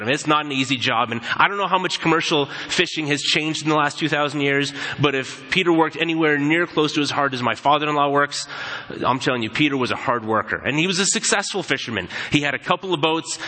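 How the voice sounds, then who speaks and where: A male pastor preaching in a large church, relaxed and conversational, slipping into the voices of the people in his stories. His tone is bright and forceful, and the sound rings with a long hall reverb. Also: fairly high pitch. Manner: conversational storytelling, acting out quoted voices. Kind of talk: sermon.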